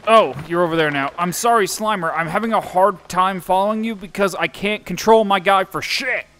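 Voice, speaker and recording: A man's voice: high voice, brisk, fairly bright tone. A young man giving let's-play commentary on a horror game, jumpy and self-mocking, swearing often. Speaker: gameplay streamer.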